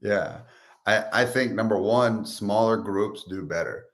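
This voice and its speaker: A man with a fairly low voice speaks as a podcast guest in a relaxed, chatty way. He lights up when he quotes people, acting out their lines as he tells his business stories. His delivery is conversational and keeps moving. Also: a little slow. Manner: animated storyteller, acts out quotes. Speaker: guest, sales expert and entrepreneur. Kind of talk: casual podcast interview.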